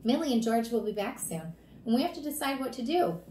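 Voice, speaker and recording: A woman's voice: fairly high pitch, very animated, a little fast, mellow, a little hiss or hum. A woman voicing a caring mother in a storybook reading, firm and earnest. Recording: roomy echo.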